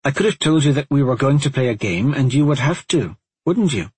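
Man doing a young girl, bossy, teasing, storybook, husky, close dry sound. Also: expressive, fairly quick, a little mellow, no room sound. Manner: bossy and teasing, raised higher voice.

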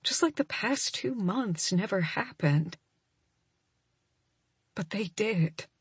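A woman reads a first-person romance with an intimate, emotional delivery. Her voice sits in a middle range and has a husky, breathy grain. The recording is close and dry. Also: medium pitch, lively intonation, slow, no room sound. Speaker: audiobook narrator.

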